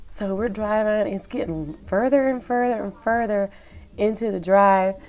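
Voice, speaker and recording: A woman's voice: mid-range voice, moderate pace, a little mellow. A woman telling a personal story to her viewers in a casual, rambling way, with many fillers. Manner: rambling, chatty, lots of fillers. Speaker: vlogger, former rideshare driver.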